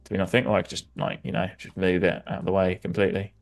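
A man's voice: low-pitched, steady tone, very fast, creaky, faint music behind. A man from southwest England with a West Country accent, a designer and comedian chatting playfully and self-mockingly while demonstrating design on a live stream. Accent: West Country English.

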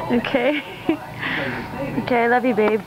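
A woman's voice: sits high, dull audio. A woman filming a casual vlog in a hotel room, talking in a cooing, doting way to her cat and laughing often. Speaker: vlogger and cat owner. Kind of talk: casual home-video vlog.

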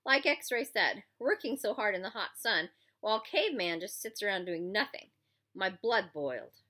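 A woman's voice: mid-range voice, animated, moderate pace, bright, forceful tone. A woman reading aloud, voicing a teenage boy bully who taunts in a mock-friendly way. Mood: sullen.

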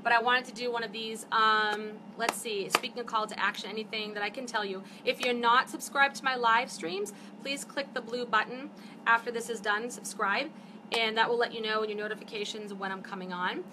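A woman's voice: a little high, fairly quick, background noise. A woman in her fifties, host of a live stream, talking casually and chattily to viewers and getting fired up as she goes. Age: 50s. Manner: chatty, animated, gets fired up. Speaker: network marketing host. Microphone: phone or webcam for a live stream.

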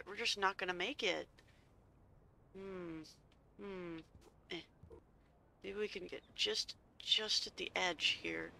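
Seated at home, a gaming channel host playfully comments on her game and chats to herself. Her voice is fairly low, gravelly and bright, with a forceful tone.

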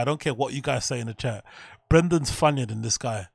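A man's voice: mid-range voice, normal speed, vocal fry, breathy edge, no room sound, clean studio sound. A man hosting a stream, giving blunt, profane reaction commentary on comedy clips and laughing often.

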